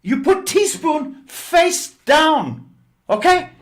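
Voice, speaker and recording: A man voicing a strict, bossy older woman flatmate who barks orders in clipped, broken English. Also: high voice, drawn-out words, voice pushed up, exaggerated voice.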